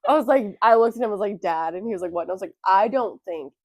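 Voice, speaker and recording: A woman's voice: medium pitch, racing, no echo, clean studio sound. A young woman co-hosting a podcast, telling a story in casual chat, cursing freely and acting out what others said. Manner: profane, animated storyteller acting out quotes. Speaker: podcast co-host.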